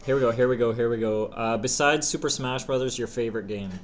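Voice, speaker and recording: A man's voice: mid-range voice, fast. A man hosting a live stream, chatting loosely with a guest, swearing freely and reading out viewer questions. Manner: loose, swearing, reads chat questions aloud. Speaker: stream host. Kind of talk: casual live-stream chat.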